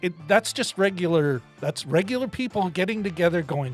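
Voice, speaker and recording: A man co-hosting a film-discussion podcast in casual chat, animated and often laughing as he talks. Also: sits high, normal speed, faint music behind. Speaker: podcast co-host.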